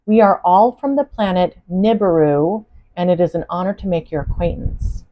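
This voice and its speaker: An excited alien being bubbles over with formal, effusive warmth, as a woman gives it voice. The voice sits fairly low but climbs with eagerness, and the recording sounds slightly dull and lo-fi. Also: normal speed, close to an everyday voice. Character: exuberant alien being from a distant planet.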